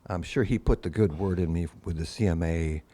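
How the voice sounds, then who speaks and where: An older man, a guest musician, speaks in a deep, brisk voice. In casual conversation he tells long anecdotes and acts out the people he quotes with animated voices.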